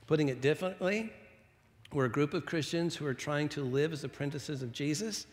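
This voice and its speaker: A man's voice: a little high, brisk, big-room sound. A middle-aged man preaching a sermon to his congregation in a chatty, self-deprecating way, with restarts and asides. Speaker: pastor. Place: church sanctuary.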